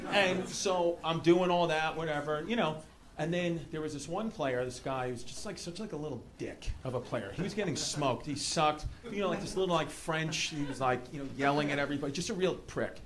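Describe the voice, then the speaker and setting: A man from New York City with a New York accent, doing a stand-up comedy set with rambling, animated storytelling. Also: a little high, brisk. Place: comedy club stage. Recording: live club room with audience noise. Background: audience laughter.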